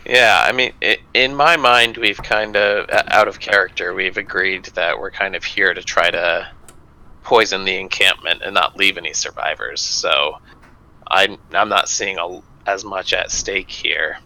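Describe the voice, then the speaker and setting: A man's voice: low-pitched, fairly even intonation, unhurried, pushed and bright, poor audio. A man playing a tabletop game, thinking aloud hesitantly out of character. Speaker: player. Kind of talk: casual chat during a game.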